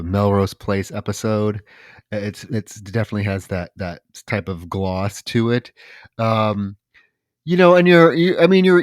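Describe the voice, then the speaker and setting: A man's voice: on the low side, no room sound. Man co-hosting a podcast, dry close sound. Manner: halting, with frequent restarts and repeated words. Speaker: podcast co-host. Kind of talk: casual film discussion.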